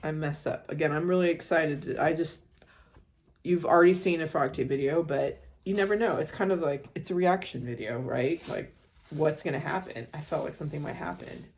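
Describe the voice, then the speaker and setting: With a deep, slightly mellow voice and a fairly quick delivery, this American woman talks casually in her art vlog. She wanders through asides and side stories, dropping swear words without a second thought.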